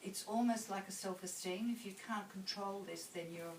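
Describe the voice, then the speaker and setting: A woman's voice: medium pitch, fairly even intonation, a little mellow, a little hiss or hum, rough recording. Hesitant woman asking a question. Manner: hesitant, halting, trailing off mid-sentence. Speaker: audience member asking a question.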